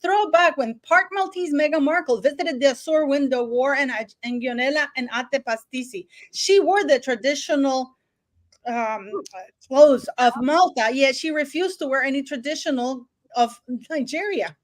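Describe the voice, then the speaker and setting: High voiced woman running a live stream, excited and animated. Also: normal speed. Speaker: channel host. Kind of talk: casual live-stream chat.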